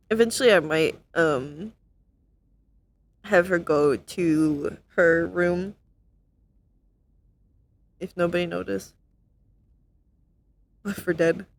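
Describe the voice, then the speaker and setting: A woman's voice: on the low side, very slow, long pauses, slight background noise. A young woman streaming casual commentary as she watches a role-play, laughing often and mocking herself.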